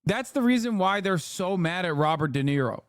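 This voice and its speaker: A male streamer riffs on clips in a loose, profane rant, full of sarcasm. His voice sits a little high for a man. The sound is dry and close, with no room around it. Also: expressive, normal speed, no echo. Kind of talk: casual livestream commentary.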